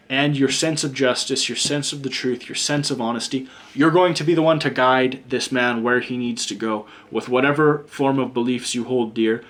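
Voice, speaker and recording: A man giving a casual pick-a-card tarot reading, blunt and chatty, swearing freely and drifting into rants. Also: medium pitch. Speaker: tarot reader and teacher.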